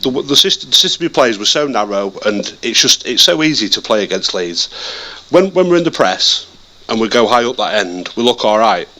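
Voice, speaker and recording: A lower-pitched man with a bright, forceful tone. He chats casually about football as a podcast co-host. He talks in an animated way, repeating words as he restarts his thoughts. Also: a little fast. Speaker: podcast co-host, Leeds fan.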